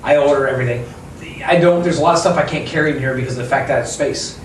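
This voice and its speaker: A man's voice: mid-range voice, racing, a little hiss or hum. Man, bookstore owner, rambling storyteller, very echoey room, distant mic. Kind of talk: casual interview chat. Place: inside his bookstore.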